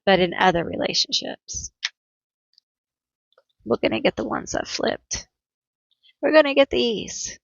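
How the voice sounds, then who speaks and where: A woman reads pick-a-card tarot at an unhurried, drawn-out pace, speaking straight to her viewers with sympathy. Her voice sits at a middle pitch. The recording is dry and a little dull. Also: fairly bright tone, no echo. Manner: empathetic, speaks directly to viewers. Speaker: tarot reader.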